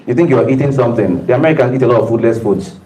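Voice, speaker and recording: A man's voice: medium pitch, racing, warm tone, poor audio. Emphatic man addressing an audience. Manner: emphatic preacher-like delivery with audience call-outs. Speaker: speaker giving a talk. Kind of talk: motivational talk to staff. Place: room with a live audience.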